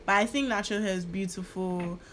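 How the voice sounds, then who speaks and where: A young woman who is a podcast guest, chatting casually in an outspoken, expressive way. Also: mid-range voice, brisk, a little hiss or hum. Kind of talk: casual chat.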